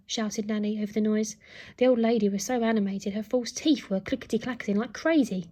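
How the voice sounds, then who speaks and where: Husky teacher reading a story. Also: female voice, medium pitch, a little fast. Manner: lively storytelling, acting out sound effects. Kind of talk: reading a children's book aloud.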